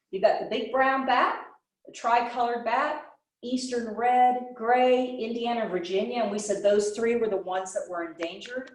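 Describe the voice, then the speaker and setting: A woman teaching children about nature, asking questions and answering them herself. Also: fairly high pitch. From Western North Carolina. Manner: animated, asks and answers her own questions. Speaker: children's nature program presenter. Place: library room. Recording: roomy echo, voice from a distance.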